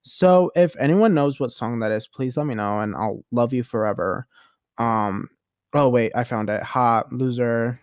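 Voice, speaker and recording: A man hosting a podcast, talking alone in a rambling, chatty and expressive way. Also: mid-range voice, measured pace, clear, resonant tone, dry recording, clean studio sound. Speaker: podcast host. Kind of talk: casual solo monologue.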